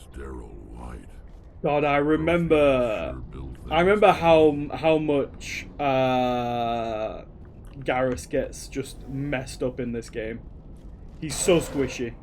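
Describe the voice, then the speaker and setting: A man's voice: on the high side, slow pace, a little mellow, slight background noise. Chatty British man streaming a game. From Britain. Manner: chatty, rambling, reads chat aloud. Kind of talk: casual gaming commentary.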